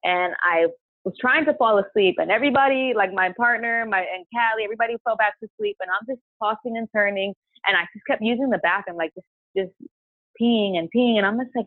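A woman's voice: medium pitch, a little fast, dry recording. A woman guest on a podcast telling her own story in a chatty way, filling her talk with "like" and acting out what she said at the time. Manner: chatty, heavy use of "like", retells her own past words aloud. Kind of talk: casual personal storytelling. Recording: tinny phone-line sound, dry.

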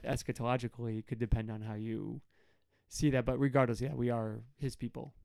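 A man in his thirties co-hosts a casual Bible study chat. He has a smooth, resonant voice on a dry, close recording. He talks with animation and throws himself into acted-out quotes. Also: medium pitch, fast talker, no room sound. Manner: animated, acts out quotes with sudden loud jumps. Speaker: podcast co-host.

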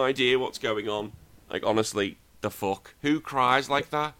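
A man's voice: medium pitch, unhurried, a bit bright, clean tone. A man hosting a podcast, retelling a movie scene by scene in casual, profane chat. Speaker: podcast host.

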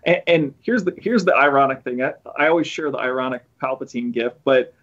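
The podcast host speaks briskly in a medium-pitched voice with a fairly bright tone, though the audio itself sounds dull. His casual chat rambles, full of restarts and sarcastic asides.

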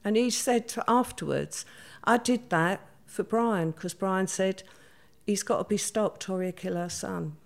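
A middle-aged woman, telling a past event in a vivid, hurried way and quoting others as she goes. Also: mid-range voice, creaky. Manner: vivid, hurried retelling with many quoted voices. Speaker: interviewee. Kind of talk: conversational storytelling.

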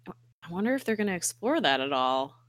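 A woman with a low-pitched but bright, forceful voice chats through a TV recap. She talks animatedly and slips into the characters' lines as she retells scenes. The sound is dry and close. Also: very animated, a little fast, no room sound. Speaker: podcast co-host. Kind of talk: casual chat recapping a TV show.

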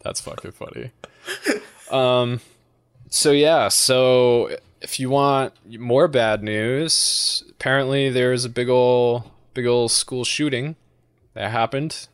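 A man's voice: medium pitch, fairly even intonation, slow, clean tone, dry recording. Brief: American guy, podcast co-host, foul-mouthed rambling banter, dry close sound. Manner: profane, mocking, rambling with fillers. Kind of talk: crude casual chat.

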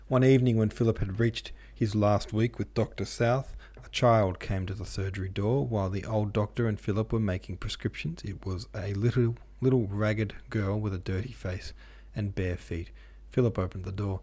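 A man hosting a podcast who reads a classic novel aloud in measured, scripted narration. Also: on the low side, fairly even intonation, dark tone. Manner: measured, literary reading. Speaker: podcast host and audiobook reader.

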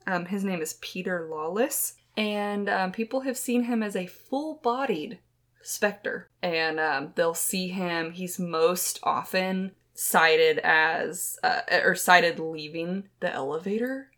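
Here a young female podcast co-host tells ghost stories casually, wandering off track and using plenty of fillers while sitting near the microphone. She speaks slowly in a fairly low, slightly bright voice.

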